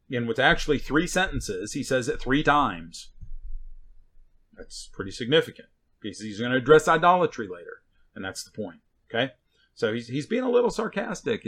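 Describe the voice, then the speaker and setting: A man's voice: medium pitch, fairly bright tone. A man preaching a sermon in a conversational way, with sarcastic asides and frequent checks like "right?" and "okay?".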